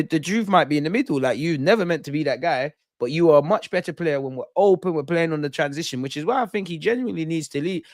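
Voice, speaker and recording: A young man hosting a live football watch-along, chatting casually, reacting to play and reading out comments, sometimes muttering and sometimes shouting at the referee. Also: on the high side, no echo, studio quality. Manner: animated, swings from muttering to shouting at the ref.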